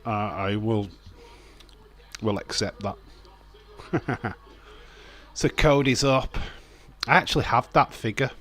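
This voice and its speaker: A man's voice: fairly low pitch, slow pace, long pauses, fairly bright tone, soft background music. Chatty man streaming wrestling. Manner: rambling, chatty, swears and laughs, reads chat aloud. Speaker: streamer hosting a watch-along. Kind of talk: casual live-stream commentary.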